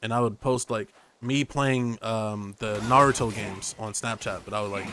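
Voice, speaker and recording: A man's voice: lowish voice, fairly even intonation, moderate pace, background noise. A young man streaming a game, rambling through jokes and tangents into his microphone. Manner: rambling, jokey, tangent-prone. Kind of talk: casual gaming commentary.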